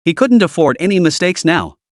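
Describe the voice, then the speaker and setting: A man's voice: high-pitched, very animated, a little fast, no echo, studio quality. A man narrating a comic story recap in a dramatic storytelling manner.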